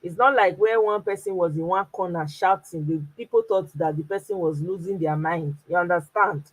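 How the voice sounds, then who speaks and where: A woman with a Nigerian accent hosts her own channel, offering casual political commentary to viewers in an emphatic style and switching between English and Pidgin. Her voice is fairly low, her pace moderate, and the recording quality low.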